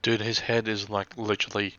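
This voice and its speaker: A man casually commenting while playing a game, relaxed and chatty. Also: on the low side, fairly quick. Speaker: let's play host. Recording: dull mic with faint noise.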